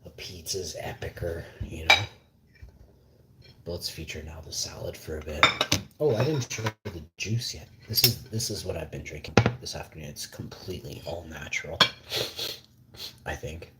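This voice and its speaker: A man's voice: very deep voice, moderate pace, reverberant, heavy background noise. A man from Canada, rambling drowsily on a casual live stream at home, trailing off into mumbles and half-whispers.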